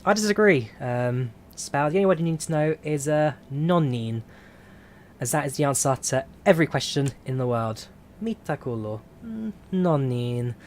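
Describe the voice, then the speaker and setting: A man streaming a flight simulator, chatting casually and answering viewer questions in a relaxed, rambling way. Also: fairly high pitch, fairly quick, slight background noise. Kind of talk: casual live-stream chat.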